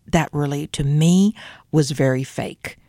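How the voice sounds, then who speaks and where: An older woman from Germany with a slight German accent, hosting a radio show in a studio and chatting in an animated, rambling way full of fillers. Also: low voice, unhurried, dry recording. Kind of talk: casual radio chat.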